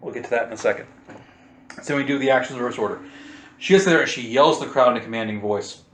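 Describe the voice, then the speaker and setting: A man's voice: medium pitch, quick pace, a bit bright. A man running a tabletop game as game master, steadily explaining rules and narrating the action. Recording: echoey room.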